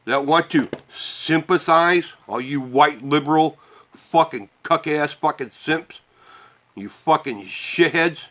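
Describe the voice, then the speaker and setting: With a sharp, slightly high voice, a vlogger from the Midwest rails at the camera in an angry, profane monologue. Bitter laughs break through now and then.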